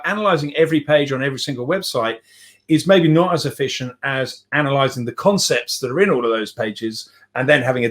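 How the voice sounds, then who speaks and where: A middle-aged man talking as a podcast guest over a remote call, rambling and self-deprecating with lots of restarts. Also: medium pitch. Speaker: podcast guest, software CEO. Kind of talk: casual podcast chat.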